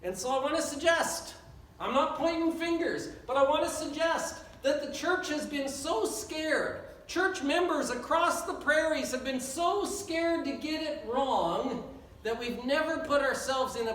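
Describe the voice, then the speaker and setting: A man preaches with an unusually high voice, pressing his points through earnest repetition. He is heard from some distance in a church sanctuary, and the room's reverb hangs on every phrase. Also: lively intonation, measured pace, a bit bright, a little hiss or hum. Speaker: pastor. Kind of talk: sermon. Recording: echoey church hall from far off.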